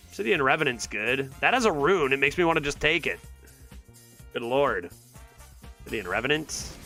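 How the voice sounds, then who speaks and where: A man giving live commentary on a card game to his chat, thinking aloud with exasperated sarcasm. His pitch swings widely and his tone is bright and forceful. Faint music plays behind him. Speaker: streamer.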